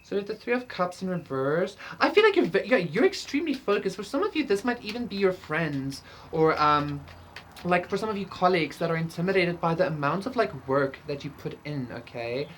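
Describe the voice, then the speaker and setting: Low-voiced woman rambling through a tarot reading. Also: sing-song, brisk, slight background noise. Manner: rambling, profane, lots of fillers, laughs often. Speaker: tarot reader. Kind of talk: casual pick-a-card tarot reading.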